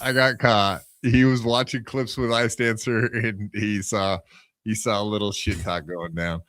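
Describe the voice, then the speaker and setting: A male podcaster who tells his side of a story with a sarcastic, couldn't-care-less attitude and a lot of swearing. His voice is bright and forceful, and it sits close and dry on the mic. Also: lowish voice, steady tone, measured pace, dry recording. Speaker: podcast co-host. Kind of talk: casual podcast chat.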